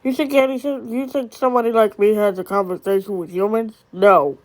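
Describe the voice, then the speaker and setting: A woman's voice: mid-range voice, fairly even intonation, brisk, darkish tone, natural voice. A woman voicing a crude, rude male ghost prankster who talks in a brash, mocking, pushy way.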